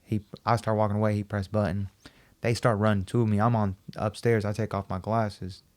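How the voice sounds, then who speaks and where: A man with a somewhat low voice speaks as a guest on a podcast interview. He tells a personal story in an animated way, often repeating himself and acting out the lines of other people. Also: fairly quick. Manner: animated, acts out quoted dialogue, repeats himself.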